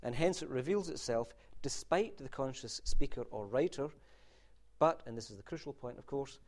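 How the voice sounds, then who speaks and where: A man's voice: mid-range voice, expressive, normal speed, darkish tone. A man lectures on literary theory. His delivery is wry and discursive, with asides and restarts. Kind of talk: university lecture. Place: lecture room.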